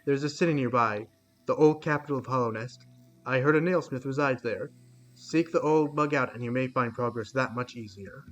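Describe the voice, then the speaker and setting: A man voicing a calm male bug traveler who gives advice in a measured way. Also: mid-range voice, soft background music, pitched below the performer's own voice, close to an everyday voice. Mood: advising.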